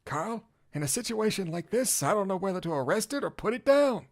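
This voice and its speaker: A man voicing a baffled male police officer who sounds puzzled and blunt, lifting his pitch above his own voice in a fan audio drama. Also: big pitch swings, a little fast.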